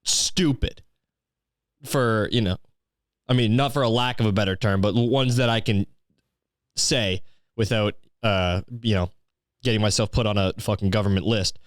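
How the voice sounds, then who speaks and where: A man's voice: lowish voice, moderate pace, long pauses, no echo, studio quality. A young man from Canada, hosting a podcast with a crude, sarcastic, swear-filled comedic rant. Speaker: podcast host.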